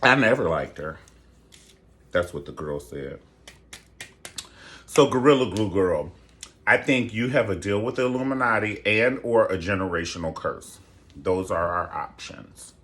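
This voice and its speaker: A man hosting a casual gossip commentary show, sassy and theatrical, jumping into high falsetto exclamations. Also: animated, measured pace, long pauses, fairly bright tone. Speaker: show host.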